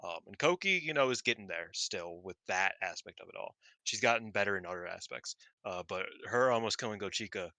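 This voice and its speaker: A Southern American man co-hosting a casual talk show, with a very bright, forceful tone and a pitch that swings widely as he gets excited. He swears freely and acts out quotes in a high voice. The recording is close and dry. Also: fairly quick, vocal fry, hardly any pauses, no echo. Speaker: podcast co-host. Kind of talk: casual chat.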